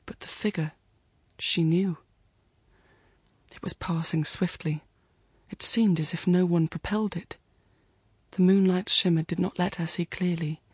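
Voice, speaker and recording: A woman narrating a story in an unhurried, measured way, her voice low-set and breathy. The reading is close and dry, with no room sound around it. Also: darkish tone, dry recording. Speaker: reader.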